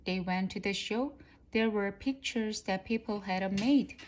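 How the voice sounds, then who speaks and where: A woman's voice: mid-range voice, fairly even intonation, measured pace, background noise. A woman, native Korean speaker, reading a children's storybook aloud carefully, with small slips as she practices. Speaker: reader.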